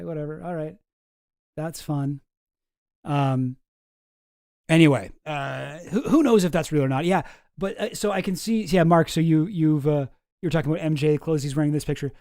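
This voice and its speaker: Streamer guy, dry sarcastic commentary, kinda high voice, dead dry close mic. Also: a little mellow, no room sound. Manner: dry, skeptical, trailing off into mumbles. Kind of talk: casual live commentary.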